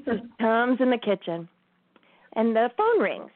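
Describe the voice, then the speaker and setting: A woman's voice: on the high side, big pitch swings, unhurried, no room sound. A woman hosting a spiritual talk show, telling a story in a casual way and laughing often as she talks. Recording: tinny phone-line sound.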